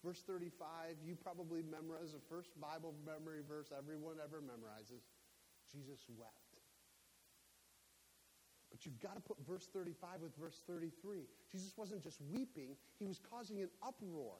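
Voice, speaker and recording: A man preaching a sermon in a church, emphatic and climbing to near-shouts on his key points. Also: a little high, moderate pace. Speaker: pastor. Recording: echoey hall with faint hiss.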